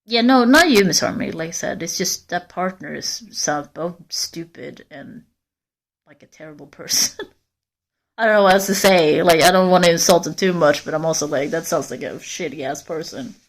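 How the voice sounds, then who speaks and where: A woman's voice: lowish voice, normal speed. A woman livestreamer walking in a forest, talking candidly and rambling straight to her viewers in casual chat. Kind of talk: casual live-stream chat.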